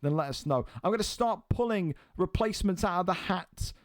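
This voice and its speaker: A man's voice: high voice, expressive, brisk, dry recording. A man hosting and commentating an online fight league live stream, blunt and exasperated, swearing freely.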